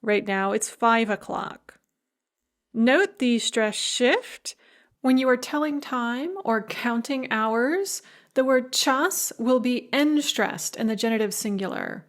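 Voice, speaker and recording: Woman instructor, slightly high voice, talks through a lecture, slows way down for example phrases. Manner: clear, methodical explaining with slow modeled Russian phrases. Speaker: Russian language instructor. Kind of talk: recorded lecture.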